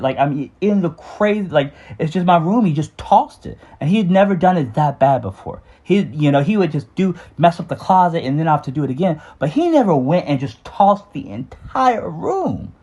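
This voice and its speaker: Husky middle-aged man telling his story. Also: on the high side, big pitch swings, dark tone, lo-fi sound. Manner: halting, with frequent fillers and restarts; earnest and sighing. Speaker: memoir storyteller. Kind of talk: unscripted personal storytelling.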